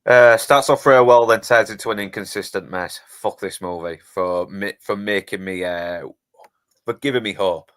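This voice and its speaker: A man with a Hull accent and a fairly low voice chats as a guest on a casual podcast. He talks in a relaxed, halting way and pauses often to find his words. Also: no echo, studio quality. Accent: Hull, northern English. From England.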